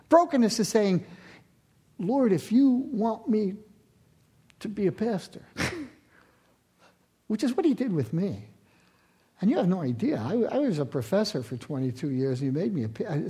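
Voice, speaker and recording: A man in his sixties, a pastor preaching a sermon, moving from loud emphatic lines to hushed near-whispers. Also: a little high, husky.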